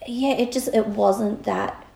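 A woman's voice: a little high, steady tone, slow, creaky, warm tone, roomy sound, rough recording. A woman in her thirties with an Australian accent, co-hosting a casual podcast chat in a chatty, giggly way. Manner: chatty and giggly, with laughing asides. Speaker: podcast co-host.

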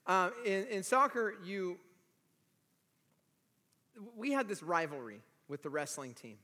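A man in his forties, a pastor preaching a sermon with animated, humorous storytelling, in a church. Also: sits high, slow, pauses often. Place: church sanctuary. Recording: long reverb of a large hall.

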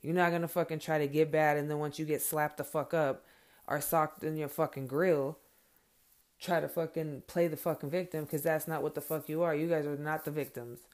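A middle-aged woman, a mother, ranting in a casual and angry way, swearing often and breaking into loud bursts. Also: low voice. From Mexican heritage, raised in America. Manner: profane, heated, confrontational, with sudden loud bursts. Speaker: parent speaking her mind.

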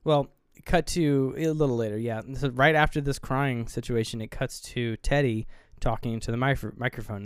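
A man's voice: mid-range voice, clear, resonant tone, no echo, clean studio sound. A man co-hosting a podcast, casually retelling movie scenes in a rambling way and briefly mimicking the characters. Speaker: podcast co-host. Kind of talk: casual movie review chat.

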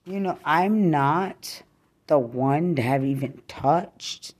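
A woman's voice: low voice, takes it slowly, darkish tone, breathy edge. A woman, a mother, in a furious rant, cursing and repeating threats over and over. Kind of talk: angry profane rant.

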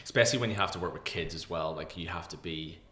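Animated young man, low voice. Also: fast talker, very noisy. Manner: animated storyteller, often acting out other people's lines. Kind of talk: casual podcast chat.

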